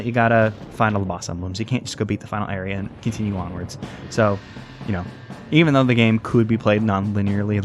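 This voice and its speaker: A man's voice: fairly low pitch, fairly bright tone. Young man, let's play commentary, rambling, jokey, self-correcting, faint music behind. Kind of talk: casual gameplay commentary.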